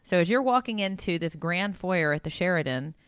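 Low, smooth-voiced woman telling a story. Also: animated, brisk, no room sound, clean studio sound. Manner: storytelling, sets scenes for the listener. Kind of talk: conversational podcast interview.

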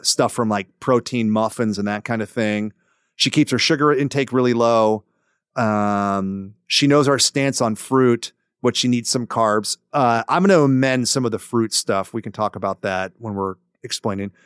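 A man hosting a podcast, reading a listener letter aloud with relaxed, joking asides. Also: mid-range voice, clear, resonant tone, dry recording, studio quality. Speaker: podcast host.

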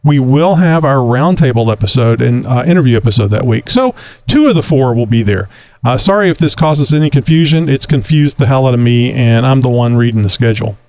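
A man's voice: medium pitch, a little fast. Chatty man hosting with lots of fillers. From Texas. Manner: relaxed, rambling, many fillers. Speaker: podcast host. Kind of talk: casual talk show hosting.

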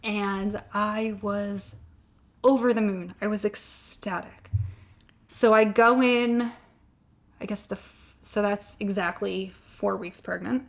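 A woman's voice: medium pitch, steady tone, takes it slowly, gravelly. A woman in an interview, candidly telling a long personal story and getting choked up at times. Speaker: guest sharing her fertility story.

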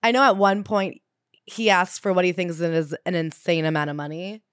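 A woman co-hosting a casual book chat, gossipy and animated, reading quotes aloud. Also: lowish voice, normal speed, clean tone, no room sound, studio quality. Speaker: podcast co-host.

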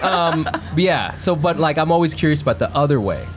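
A man's voice: a little high, big pitch swings, a little fast, over music. Laid-back male podcast host. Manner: laid-back, swears casually, rambling. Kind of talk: casual chat.

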